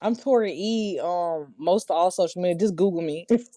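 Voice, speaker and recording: A woman guest on a podcast speaks hesitantly, filling pauses with ums and light laughter. Her voice has a mellow, dark tone, and it is recorded dry and close. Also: lowish voice, dry recording. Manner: hesitant, giggly, many ums. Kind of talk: casual chat.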